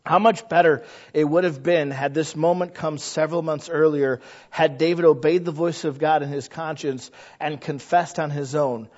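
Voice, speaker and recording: A man's voice: fairly high pitch, fairly even intonation, normal speed, hardly any pauses. A man preaching a sermon in an earnest, conversational way, often asking rhetorical questions. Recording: dull lo-fi recording.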